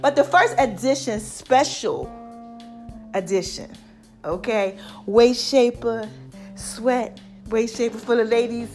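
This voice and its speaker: A middle-aged woman in a casual motivational vlog, chatty and animated, repeating catchphrases, her voice a little deepened by allergies. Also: slow pace, soft background music. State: voice a bit deep from allergies. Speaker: online personality talking to followers.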